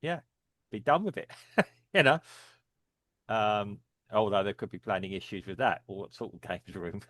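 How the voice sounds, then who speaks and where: A man's voice: on the low side, normal speed, a bit bright, no echo. A man co-hosting a casual discussion, rambling with many fillers and frequent chuckles. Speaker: podcast co-host.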